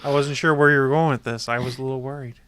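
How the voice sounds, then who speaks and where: A man hosts a geek podcast in a mid-pitched voice, leading into segments and ribbing his co-hosts in a dry tone. The recording has no room sound at all. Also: steady tone, quick pace, fairly bright tone, no echo. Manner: dry, teasing, leads segments. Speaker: podcast host. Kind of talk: casual chat.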